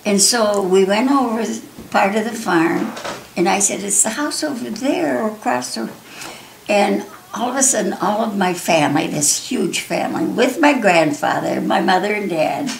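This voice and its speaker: An older woman telling a personal story, lively and often laughing, with many restarts. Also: mid-range voice, moderate pace, gravelly, slight background noise. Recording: roomy echo, faint ambience.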